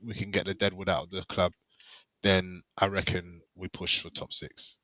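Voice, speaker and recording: A man's voice: sits low, level tone, moderate pace, bright, forceful tone, no room sound, low-quality recording. A man in casual football banter, laughing often and teasing his friends. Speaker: podcast panelist.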